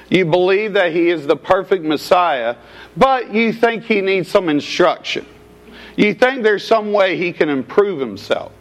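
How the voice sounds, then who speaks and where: Guy preaching to the congregation, keeps asking right? and isn't that odd?, kinda high voice. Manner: expository preaching with rhetorical questions. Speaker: pastor. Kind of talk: sermon.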